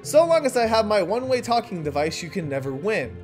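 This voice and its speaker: Gamer doing a smug villain professor, pompous, lowered voice, lively pitch, faint game music. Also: fairly quick, close to an everyday voice. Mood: menacing. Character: smug scheming male professor inventor, villain. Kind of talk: reading game dialogue aloud.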